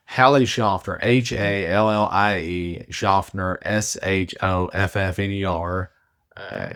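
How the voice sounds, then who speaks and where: A male author from Arkansas, chatting in a relaxed, halting way and then reading his own essay aloud. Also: low-pitched. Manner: relaxed, halting, with many ums and uhs. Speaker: author, guest.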